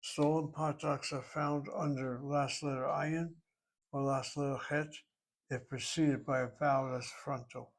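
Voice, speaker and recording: A man teaching a Hebrew class, explaining grammar in a deliberate, step-by-step way and sometimes thinking aloud. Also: fairly high pitch, little pitch movement, vocal fry.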